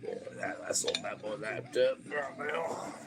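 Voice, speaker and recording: A man's voice: medium pitch, animated, unhurried, over loud music. A young man streaming casually from home, cooing baby talk at his pets and swearing freely. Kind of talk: casual live-stream chat.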